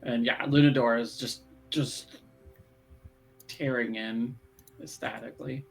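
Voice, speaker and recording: A man's voice: mid-range voice, steady tone, unhurried, soft background music, low-quality recording. Amused man narrating his character. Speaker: player. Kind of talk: describing his character's actions.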